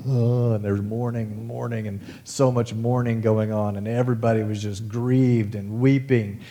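A man with a low, warm voice delivers a sermon in a loose, conversational way. He slips in folksy asides and fillers, as if he is chatting with his congregation rather than lecturing them. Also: level tone, normal speed, hardly any pauses. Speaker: pastor. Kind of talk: casual sermon.

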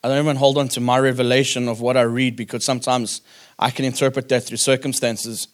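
A man's voice: mid-range voice, level tone, fast. Earnest man telling a church story. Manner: earnest, storytelling, repeats words while thinking. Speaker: church planter on a panel. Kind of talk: panel discussion at a church conference.

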